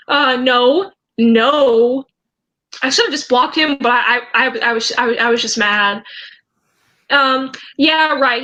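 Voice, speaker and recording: A young woman vlogger telling a story in a casual way, reading out chat messages and often pausing to hesitate and restart. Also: fairly high pitch, sharp tone, dull audio. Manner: hesitant, halting, with many ums and restarts.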